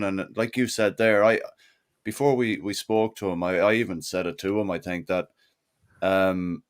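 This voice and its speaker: A man co-hosting a football podcast, setting out his points at length in an earnest, casual way. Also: sits low. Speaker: podcast co-host.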